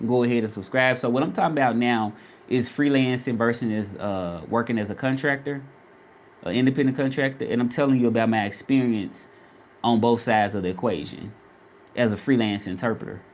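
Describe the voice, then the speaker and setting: A man's voice: medium pitch, brisk. A man from Memphis with a Southern accent, chatting casually on a livestream and repeating his questions to viewers. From Memphis, Tennessee. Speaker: vlogger and freelance Spanish interpreter.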